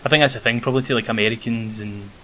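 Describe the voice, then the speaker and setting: A young Scottish man chatting casually about a film as a podcast co-host, rambling with many pauses and ums. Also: medium pitch, steady tone, sharp tone, poor audio. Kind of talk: casual film review chat. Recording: faint hiss.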